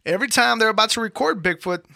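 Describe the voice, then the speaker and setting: High, bright-voiced man telling stories. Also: fast, vocal fry. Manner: animated storyteller, profane, acts out quoted people. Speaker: podcast host. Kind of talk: casual podcast chat.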